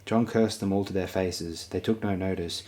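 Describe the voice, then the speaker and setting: A man with a notably low, deep voice reads a fantasy audiobook. His narration is steady and measured throughout. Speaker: audiobook reader.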